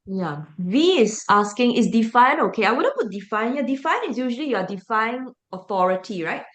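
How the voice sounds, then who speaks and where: A woman's voice: on the high side, big pitch swings, normal speed, fairly bright tone. A woman teacher with a Singaporean English accent walks a class through how to answer questions. She keeps asking the students questions and then answering them herself. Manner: explanatory, asks the class rhetorical questions.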